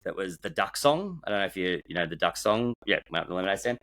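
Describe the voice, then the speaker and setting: A man telling stories as a guest in a casual chat, lively and full of restarts. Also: low-pitched, fast. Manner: animated storyteller with frequent restarts. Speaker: guest, former reality-show builder.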